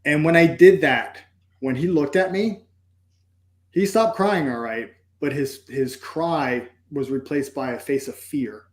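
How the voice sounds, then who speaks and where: A man's voice: a little high, measured pace, echoey room. A man speaking earnestly and reflectively as a podcast guest, telling a personal story.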